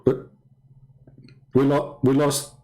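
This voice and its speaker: A man's voice: medium pitch, level tone, slow, mellow. A man hosting polemical commentary, talking in a mocking, sarcastic way and laughing at his own jokes. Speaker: host.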